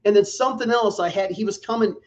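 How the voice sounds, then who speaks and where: A man telling a story in casual chat, animated and profane. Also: high-pitched, quick pace, dull audio.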